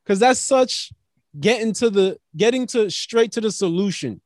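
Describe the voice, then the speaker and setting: High-voiced New man, casual. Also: animated, moderate pace, a little mellow, dry recording. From New York. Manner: casual, profane, reflective. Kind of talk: casual chat.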